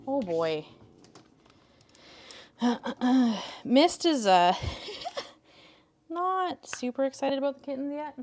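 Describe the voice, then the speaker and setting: Chatty woman with a lively voice. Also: a little high, takes it slowly, long pauses, slight background noise. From Canada. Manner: chatty, talks to her cats in a soft coaxing voice. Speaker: crafting livestream host. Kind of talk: casual livestream chat.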